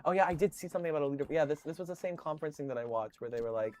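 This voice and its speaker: A man's voice: fairly high pitch, fairly even intonation, very fast, hardly any pauses, a little mellow. A man streaming, chatting casually with viewers, telling rambling stories full of swearing and fillers.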